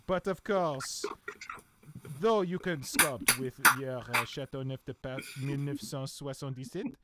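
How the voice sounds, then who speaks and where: Man playing a French wine-snob sculptor, put-on French accent, grandiose, theatrical, mid-pitched, noisy audio. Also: a little slow, bright, forceful tone.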